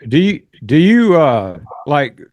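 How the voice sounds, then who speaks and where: A man's voice: fairly high pitch, big pitch swings, slow, darkish tone, no echo, lo-fi sound. A man hosting a casual interview, laughing easily and asking loose, rambling questions. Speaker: podcast host.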